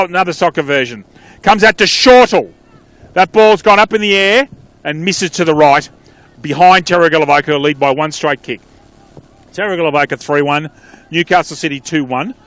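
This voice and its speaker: A man with an Australian accent calls a local footy match, his voice sitting a little higher than most men's. The sound is dry and close, with little room around it. He talks in quick bursts and trails off into chatty asides. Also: a bit bright, dry recording. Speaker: play-by-play commentator. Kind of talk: live football commentary.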